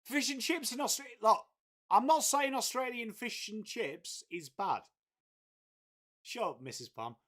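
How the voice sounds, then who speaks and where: An extremely high-pitched, expressive, slightly bright voice belongs to a Whitby livestreamer who takes his time. During a relaxed watchalong he reads viewer messages, bantering like a lad, cursing freely and calling everyone "mate".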